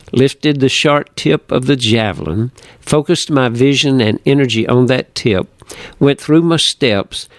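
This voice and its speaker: Brief: man narrating his own book, earnest and measured, dry close sound, mid-range voice. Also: medium pitch, no echo. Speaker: author reading his book. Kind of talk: reading narration.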